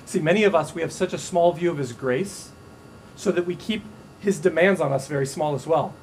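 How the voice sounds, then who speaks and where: A male pastor preaching a sermon to a congregation, animated and playful, acting out the voices in his stories. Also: on the high side, brisk, slight background noise. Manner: animated, acts out quoted voices with humor. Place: church stage before a congregation.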